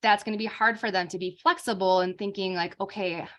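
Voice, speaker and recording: A woman's voice: medium pitch, steady tone, a little fast, a bit bright. A young adult woman giving an informal lecture as a speech therapist, talking casually with many fillers.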